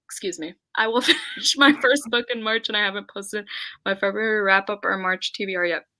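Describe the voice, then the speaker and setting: A young woman hosting a casual livestream, chatting and giggling between books. Her voice sounds bright and forward. She swears freely and keeps the talk loose. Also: mid-range voice, steady tone, a little fast. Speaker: livestream host.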